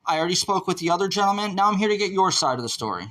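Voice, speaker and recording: A man working as a police officer, calmly questioning a witness in a conversational way with frequent restarts, recorded on his bodycam. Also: high voice, rapid-fire, crowd noise. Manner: calm, conversational, stammers and restarts.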